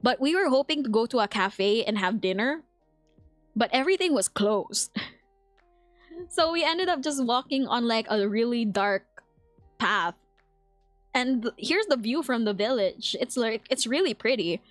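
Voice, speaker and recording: With a fairly high, expressive voice, this young streamer from the Philippines chats at an unhurried pace and laughs a lot. She reads out chat messages and replies, her Filipino accent clear over soft background music, with no echo.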